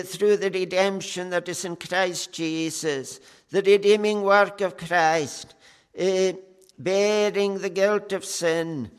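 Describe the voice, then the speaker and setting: A man preaching a sermon with slow, earnest delivery, pausing often on "eh" and appealing with fervent "oh"s. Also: high voice, smooth. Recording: long hall reverb.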